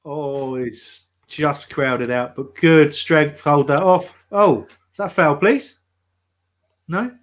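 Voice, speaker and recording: A man's voice: a little high, takes it slowly. A man co-hosting a football watch-along, wry and teasing. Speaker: co-host. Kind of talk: casual watch-along chat.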